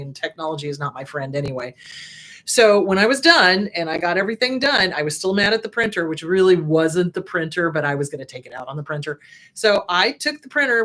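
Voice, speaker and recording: Middle-aged woman therapist, casual and blunt, talks straight to camera with punchy emphasis. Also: lowish voice. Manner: frank, emphatic, animated, playful asides. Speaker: therapist host. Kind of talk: casual advice talk to camera.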